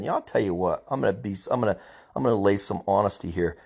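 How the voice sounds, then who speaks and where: A man's voice: fairly low pitch, fast talker, vocal fry, darkish tone, slightly rough. A middle-aged man, a police officer, ranting angrily on his own podcast, emphatic and repeating himself. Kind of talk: personal podcast rant.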